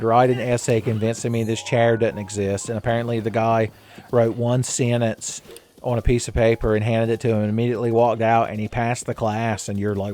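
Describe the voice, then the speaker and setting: A man's voice: mid-range voice, level tone, brisk, a little mellow, a little hiss or hum. A man giving casual, rambling gameplay commentary as a let's play host, joking and laughing often.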